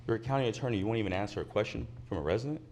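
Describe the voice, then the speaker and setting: A man's voice: fairly low pitch, rapid-fire, noisy background. A man giving impassioned public comment at a county commission meeting, indignant and insistent, repeating his points at a podium microphone. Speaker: resident speaking at public comment.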